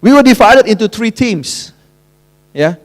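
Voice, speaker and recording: Guy preaching, high voice, chatty story-style sermon, laughs a lot and mixes in little fillers. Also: expressive, a little slow. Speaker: pastor. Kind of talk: sermon told as a casual personal story.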